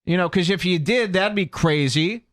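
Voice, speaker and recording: A man's voice: sits high, normal speed, dry recording, studio quality. A man hosting a comedy podcast, giving sarcastic, mocking commentary on a video clip. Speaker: podcast host.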